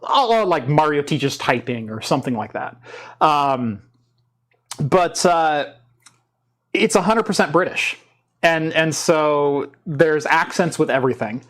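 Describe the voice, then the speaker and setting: A man's voice: fairly high pitch, lively intonation, unhurried, fairly bright tone. A man in his thirties with a US West Coast accent, hosting a casual tech show and rambling with restarts and fillers. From Oregon, US. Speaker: podcast host. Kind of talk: casual chat.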